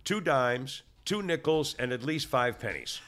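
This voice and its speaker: An older man who is hard of hearing chats casually, telling a rambling story full of restarts that grows more worked up as it goes. His voice is medium in pitch, animated, a little slow, and fairly bright in tone.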